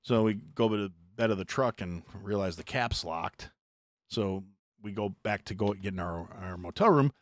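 A middle-aged American man hosting a podcast, telling a long story in a profane, animated way with mock voices. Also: fairly low pitch, moderate pace, no echo, studio quality. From United States. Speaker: podcast host. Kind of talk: casual storytelling chat.

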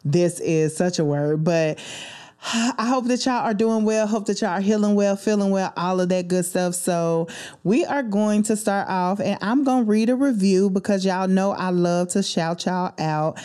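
A woman's voice: medium pitch, moderate pace, warm tone, smooth. A young woman hosting a faith-based solo podcast from a studio, speaking in an emotional, preachy way and calling listeners baby and homegirl. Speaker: podcast host. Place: recording studio.

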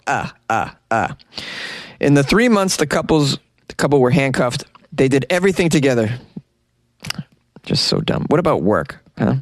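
A man's voice: mid-range voice, expressive, fairly quick. A man with a mid-range voice hosts a comic podcast of strange news, mocking each story with sarcastic asides. He is recorded in a small closet, and the sound is close and dry with no room echo. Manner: sarcastic, mocking commentary with laughs. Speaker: podcast host. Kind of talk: comedic weird-news podcast.

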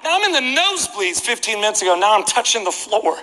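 A male preacher telling a comic story in an animated way, acting out voices, in a large hall. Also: high-pitched, fast talker. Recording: reverberant hall, faint ambience.

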